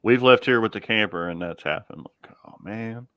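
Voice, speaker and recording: Laid-back man, low and smooth. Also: normal speed, no echo, dull audio. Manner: easygoing, chuckles often, trails off mid-sentence. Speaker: garage owner hosting a live stream. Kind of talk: casual chat.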